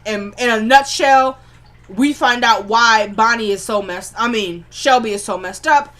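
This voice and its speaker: Lady recapping a tv show, kinda high voice, slangy and animated. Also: measured pace. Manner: animated storyteller acting out quotes; slangy, conversational. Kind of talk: casual episode recap.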